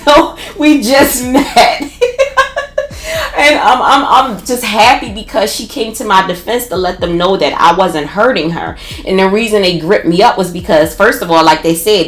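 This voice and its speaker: A woman with a Philadelphia accent telling a personal story in a casual, animated, profane way. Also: medium pitch. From North Philadelphia. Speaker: podcast storyteller. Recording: roomy echo.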